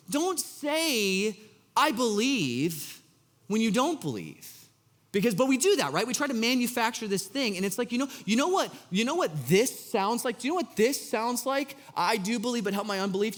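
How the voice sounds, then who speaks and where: A man preaching a sermon as pastor, conversational and animated, with frequent restarts. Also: mid-range voice, in a large hall. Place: church auditorium.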